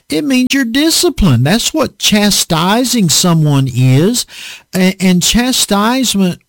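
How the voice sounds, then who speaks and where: A middle-aged man preaching a sermon in a slow, deliberate way, often acting out everyday complaints. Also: dry recording. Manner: slow, deliberate preaching with lively swings in pitch.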